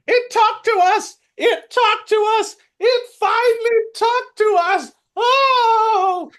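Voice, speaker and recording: A man voicing a crowd of small, excitable kobolds, shouting in a squeaky high voice. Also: slow pace, heavily acted. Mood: ecstatic. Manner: frantic, high-pitched shouting.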